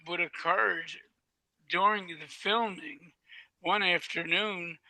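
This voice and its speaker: An older man telling animated stories as an interview guest, acting out the dialogue vividly. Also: high voice, slow pace, low-quality recording. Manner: vivid storyteller who acts out dialogue. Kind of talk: animated storytelling.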